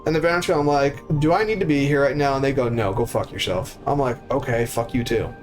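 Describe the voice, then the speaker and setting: A man's voice: medium pitch, quick pace, soft background music. A young man, a live streamer, telling a story casually, full of swearing and acting out the voices of the people in it. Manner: profane, acts out voices of people in his stories.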